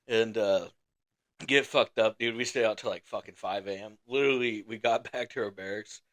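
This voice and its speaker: A man's voice: fairly low pitch, normal speed, fairly bright tone. A young man casually telling a rowdy story on a podcast, swearing constantly and laughing as he talks. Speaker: podcast co-host.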